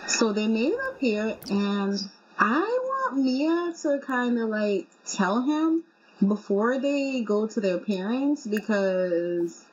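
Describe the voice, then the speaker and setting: A young woman casually commenting on her life-simulation game in an excitable, informal way. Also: a little high, slow, slightly rough. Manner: chatty, excitable, informal with fillers like y'all. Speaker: gaming video creator. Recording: slightly muffled with faint hum.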